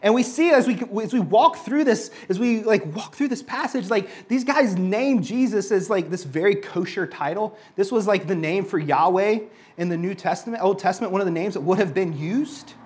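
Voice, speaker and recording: High-voiced man preaching casually. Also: moderate pace. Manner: conversational, fillers of "like", repeats words when restarting. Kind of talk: sermon.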